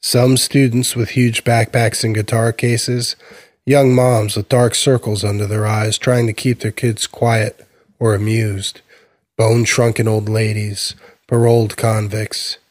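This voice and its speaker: In this scripted fiction reading, a man narrates a short story at a steady, measured pace in a lowish voice. The audio is dry and close-miked, without any echo or room around it.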